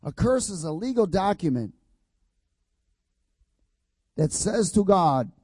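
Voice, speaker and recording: A man's voice: on the high side, sing-song, normal speed, pauses often, mellow, no room sound. A man preaching a sermon in an emphatic, repetitive cadence, prompting the congregation to repeat his words and asking if everyone has got it. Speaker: pastor.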